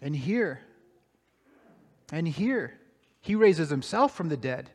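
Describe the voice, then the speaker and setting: A man preaching a sermon, telling a story dramatically and swinging between hushed, slow passages and raised, excited ones. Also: a little high, long reverb tail. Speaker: pastor.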